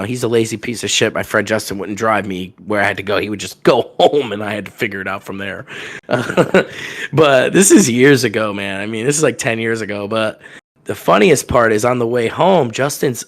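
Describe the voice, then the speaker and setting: Animated man telling a wild story. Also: fairly low pitch. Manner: animated, acts out quotes with loud raised voices. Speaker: podcast guest telling stories. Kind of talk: casual storytelling.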